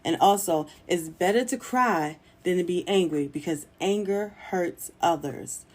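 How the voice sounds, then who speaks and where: A woman's voice: fairly low pitch, unhurried, a little mellow. Chatty, encouraging woman podcast host. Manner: chatty, encouraging, laughs easily. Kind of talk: solo podcast talk.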